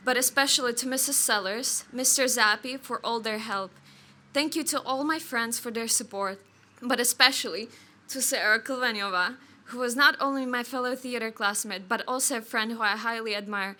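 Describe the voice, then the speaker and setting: A teenage graduate reads her thanks in a bright, slightly high voice. Her delivery is formal and earnest, like a prepared speech read from notes. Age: late teens. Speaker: graduating student. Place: outdoor graduation ceremony.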